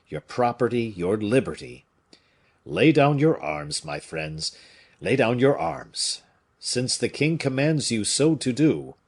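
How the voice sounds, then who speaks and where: A man's voice: lowish voice, vocal fry, slightly rough, heavily acted. A man voicing a grave noble bishop who commands and pleads with a crowd.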